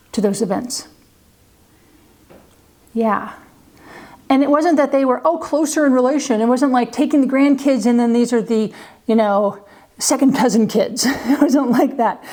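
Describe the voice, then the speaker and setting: A woman's voice: on the high side, a little mellow. A woman in her forties, a former teacher and parent, telling stories casually to camera in a chatty, conversational way. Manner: chatty and conversational, with light laughs and many "you know"s; acts out what others say in livelier voices.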